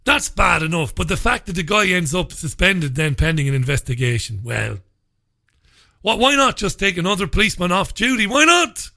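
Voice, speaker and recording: A man's voice: high-pitched, sing-song, moderate pace, gravelly, pushed and bright. A man hosting a talk radio show, reading listener messages and answering them with blunt, sarcastic remarks. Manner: sardonic, sarcastic; blunt, swears freely.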